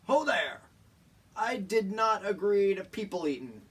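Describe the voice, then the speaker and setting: An actor playing a blustering pirate captain in a cartoon, with gruff pirate talk and loud exclamations. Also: male voice, high-pitched, sing-song, unhurried, distant mic, exaggerated voice. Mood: indignant. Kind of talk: cartoon voice acting.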